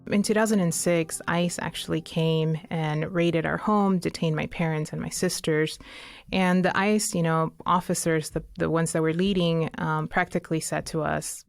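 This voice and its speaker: A woman's voice: low-pitched, steady tone, normal speed, vocal fry, dry recording, faint music behind. A woman answering an interview, hesitant and full of fillers. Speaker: interviewee, activist.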